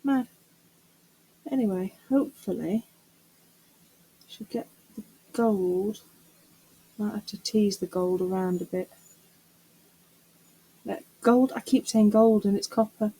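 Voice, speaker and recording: A woman's voice: medium pitch, slow, pauses often, mellow, husky, rough recording. A middle-aged woman chatting casually to camera while doing a resin craft, muttering to herself and teasing herself about her mess. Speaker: craft vlogger.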